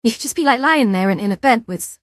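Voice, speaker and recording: A woman's voice: a little high, expressive, fast, no echo, studio quality. Chatty woman streaming in VR. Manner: chatty, self-mocking, swears lightly. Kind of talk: casual live-stream chat.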